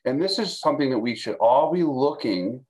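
A man's voice: medium pitch, lively intonation, moderate pace, darkish tone, low-quality recording. A man teaching a Bible study for a video, talking in a conversational way with frequent restarts and check-ins with his listeners. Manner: conversational, repeats words, fillers, checks in with "okay?". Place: recorded for video.

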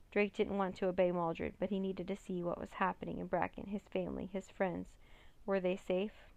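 A woman's voice: fairly low pitch, moderate pace, creaky, no echo. Woman reading a kids' chapter book. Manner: expressive, storytelling. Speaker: reader.

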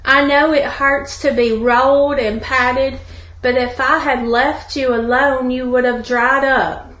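A woman voicing a calm, patient master potter who speaks softly and steadily. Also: sits high, slow, echoey room, rough recording. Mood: gentle.

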